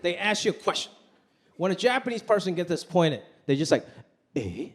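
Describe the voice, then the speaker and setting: High-voiced man doing stand-up on stage. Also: fast talker. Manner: animated, mimics family members in exaggerated voices. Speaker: stand-up comedian. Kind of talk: stand-up comedy set. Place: large theater stage with live audience. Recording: live show with loud audience noise.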